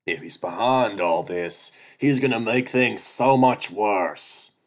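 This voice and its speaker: A man voicing a hot-tempered, foul-mouthed male weasel thug in a read-aloud story, with a grating, nasal voice and constant yelling. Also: fairly low pitch, slow, voice pushed up. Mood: snarling. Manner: yelling and cursing. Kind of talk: audiobook-style story reading.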